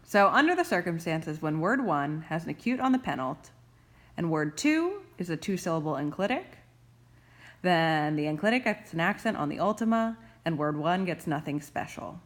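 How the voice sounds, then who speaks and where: A young adult woman teaching grammar rules, stressing key terms slowly and deliberately. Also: sits low, sing-song.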